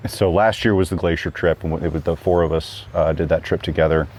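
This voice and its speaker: A man's voice: sits low, fairly even intonation, brisk, a little mellow, a little hiss or hum. A man being interviewed about a trip, talking casually and rambling with lots of fillers and restarts. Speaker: guest hiker. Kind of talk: casual chat.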